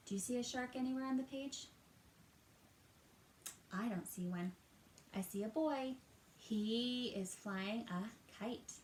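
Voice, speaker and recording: In a roomy indoor space at home, a woman teacher whose voice sits a little high animates a storytime reading of a picture book, drawing out words and questioning the young children listening. The low-quality recording carries slight background noise.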